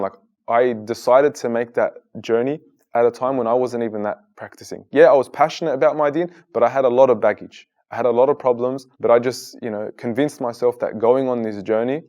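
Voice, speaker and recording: This is a man in his thirties who grew up in Australia. His pitch sits in the middle and he sounds earnest. He tells his own story for an interviewer and grows animated when he quotes other people. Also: brisk. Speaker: guest, Muslim content creator.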